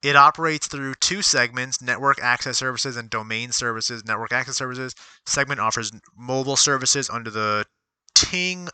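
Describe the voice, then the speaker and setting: A man streams casual commentary from a desk at home, his voice very bright and clean. The sound is dry and close. He rambles, reads aloud, and talks to himself, often stopping to correct a word. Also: medium pitch, moderate pace, smooth, no echo. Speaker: streamer reviewing stocks.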